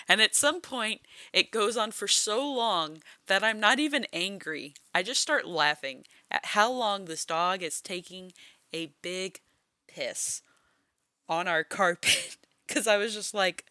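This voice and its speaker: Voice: mid-range voice, a little slow, bright, forceful tone, no echo. A podcast co-host telling a story in casual chat, laughing often and filling with "like". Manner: chatty storytelling with laughter, lots of "like".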